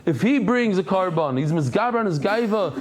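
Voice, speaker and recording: A man's voice: sits high, fairly quick. A man teaching a Talmud class, telling stories with acted-out voices and Hebrew and Yiddish terms. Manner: animated storytelling, acts out characters, mixes Hebrew and Yiddish terms. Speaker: Daf Yomi teacher.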